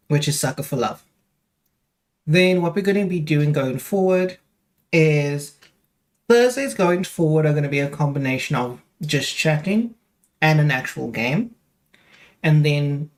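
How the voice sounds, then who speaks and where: A young man chatting casually on a live stream, rambling with lots of fillers as he talks straight to his viewers. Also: a little high.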